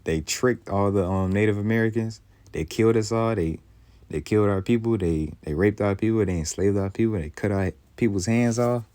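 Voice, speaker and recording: Deep-voiced man reading and explaining scripture. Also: dark tone, no room sound. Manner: reads old scripture slowly, then explains in loose casual speech; heated, emphatic commentary. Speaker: bible teacher.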